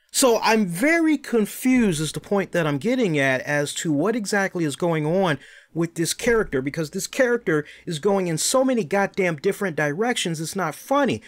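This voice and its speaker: Man, wrestling review host, high voice, emphatic, animated.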